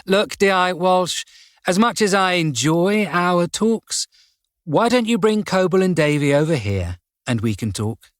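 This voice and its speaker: A man voicing a calm, menacing male serial killer in an audiobook, speaking gently and without hurry. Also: high-pitched, no room sound, clean studio sound, pitched above the performer's own voice. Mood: calm menace. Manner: gentle, unhurried taunting. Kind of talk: audiobook character voice.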